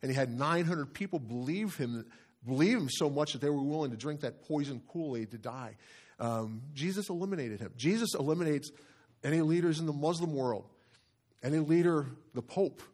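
A man's voice: on the high side, moderate pace, a little mellow. A man preaching a sermon as pastor, earnest and stressing phrases by repeating them.

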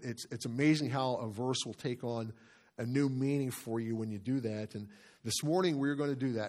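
A man preaching a sermon as pastor, earnest and stressing phrases by repeating them. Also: mid-range voice.

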